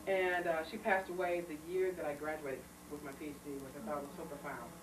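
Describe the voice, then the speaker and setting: A woman's voice: sits low, steady tone, a little fast, far from the mic. A woman giving an informal talk to a small audience, telling personal stories with a lot of feeling. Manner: chatty, emotional storytelling, laughs often. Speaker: speaker on children's literature. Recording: echoey room recorded from afar, noisy.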